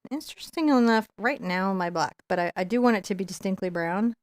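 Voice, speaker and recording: A woman's voice: mid-range voice, a little fast, dry recording. Chatty woman teaching painting. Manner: chatty, laughs often, rambling asides. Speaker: painting instructor. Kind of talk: live painting tutorial.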